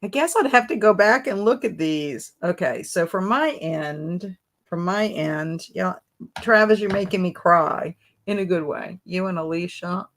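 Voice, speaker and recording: A woman's voice: fairly low pitch, measured pace. A woman hosting a casual live stream, reading chat comments aloud and breaking into laughing fits. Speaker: livestream host.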